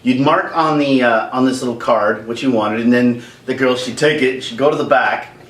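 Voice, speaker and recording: A Canadian man tells a funny, rambling story from his childhood on his vlog, speaking in a medium-pitched voice at a moderate pace. He's animated and jokey; the recording has a roomy echo, a distant mic and slight background noise.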